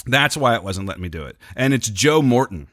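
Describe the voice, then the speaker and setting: A man's voice: mid-range voice, animated, fairly quick, fairly bright tone. An older man co-hosting a casual chat, laid-back and joking.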